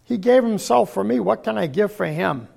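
An older man preaches a sermon in a high, gravelly voice worn hoarse and husky. He keeps clearing his throat, pushing some phrases out loudly and dropping others to a low mutter. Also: animated, normal speed. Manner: frequent throat clearing, swings between loud emphasis and low murmurs. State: voice failing, hoarse.

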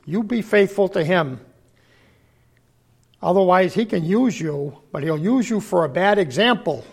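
An older man preaches a sermon in a high, gravelly voice worn hoarse and husky. He keeps clearing his throat, pushing some phrases out loudly and dropping others to a low mutter. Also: animated, a little slow, pauses often. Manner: frequent throat clearing, swings between loud emphasis and low murmurs. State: voice failing, hoarse.

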